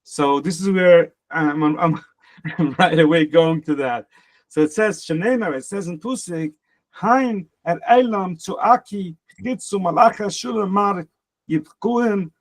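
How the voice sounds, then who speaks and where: Man, slightly high voice, Talmud teacher, casual lesson, halting phrase-by-phrase translating. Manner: translates phrase by phrase, repeats words, explains with parables.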